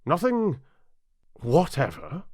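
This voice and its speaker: Man doing a blustery pompous king, british, loud and slow, dry close sound. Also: on the high side, wildly swooping pitch, slightly rough, dry recording, pitched above the performer's own voice, full character voice. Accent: British English. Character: blustering pompous male king, easily flustered. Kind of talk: audiobook character voice.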